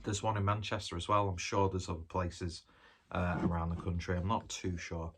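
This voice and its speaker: A man talks his way through a pizza review in a loose, rambling style, eating as he goes. His voice sits low and deep. It has a husky, slightly rough texture. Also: little pitch movement, normal speed, a bit bright. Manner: rambling and chatty, talking while eating. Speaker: food reviewer. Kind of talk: casual food review vlog.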